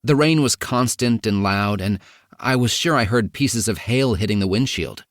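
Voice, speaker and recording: A man narrating a first-person memoir audiobook in a measured, even reading. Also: on the low side, no echo, clean studio sound.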